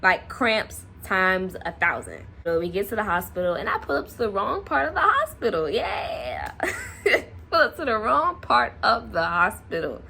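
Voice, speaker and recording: A young woman speaks straight to her camera in an easy, chatty way. Her pitch swings freely as she acts out each moment, and she laughs often along the way. A light background hum sits under her voice. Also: sing-song, normal speed, gravelly, sharp tone. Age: young adult. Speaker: vlogger. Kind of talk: casual storytelling to camera.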